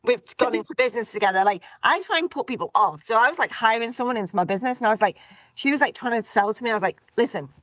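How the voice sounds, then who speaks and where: A middle-aged woman, a podcast guest telling stories in a blunt, direct, lively way. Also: on the high side, very fast, dry recording. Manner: blunt, direct, animated storytelling. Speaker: podcast guest, business coach. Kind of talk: casual interview chat.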